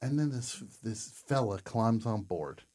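A man hosting a casual comedy chat show, deadpan and joking, with bursts of loud laughter. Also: on the low side, measured pace. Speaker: host.

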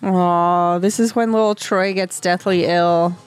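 Slow-talking woman with wry movie commentary. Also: on the low side, fairly even intonation, clean tone. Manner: unhurried, wry, drawn-out reactions. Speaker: co-host watching a film. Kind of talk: casual watch-along commentary.

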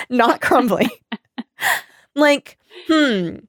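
A woman's voice: high-pitched, extremely slow, dry recording, studio quality. A woman, chatting as a podcast host and telling stories with lots of laughter and acted-out voices. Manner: animated storytelling, acts out quoted voices; laughs often. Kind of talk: casual chat.

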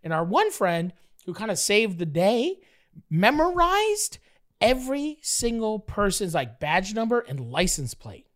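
Man guest, excitable and profane storyteller, loose and filler-heavy. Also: high-pitched, a little slow. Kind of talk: casual storytelling.

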